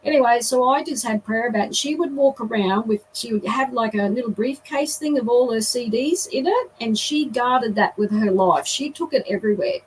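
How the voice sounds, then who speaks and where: A woman, a guest telling a lively story in an interview. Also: fairly high pitch, normal speed, few pauses, recorded from a distance, a little hiss or hum, low-quality recording.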